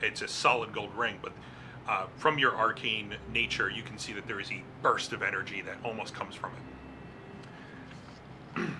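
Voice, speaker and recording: A man's voice: fairly low pitch, fairly even intonation, moderate pace, pauses often, background noise. A man narrating a tabletop game as game master, describing scenes casually with frequent fillers.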